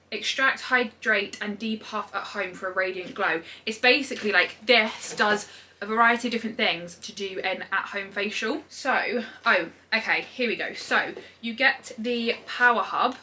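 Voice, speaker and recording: A young British woman vlogging casually at home, gushing and excitable, full of "literally" and "like". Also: mid-range voice, a little hiss or hum. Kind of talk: casual vlog chat.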